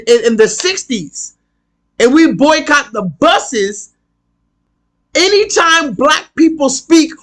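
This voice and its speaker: A man with a strikingly high-pitched voice holds forth on a live stream. He rants with heat and plenty of swearing, hammering his points again and again. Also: fairly bright tone. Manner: heated, profane, emphatic, repeats himself. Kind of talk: ranting live stream monologue.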